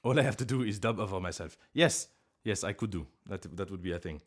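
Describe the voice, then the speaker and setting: A man with a deep, expressive voice live-streams from his living room, speaking a little fast. He rambles and makes fun of himself, punctuated by sudden loud outbursts.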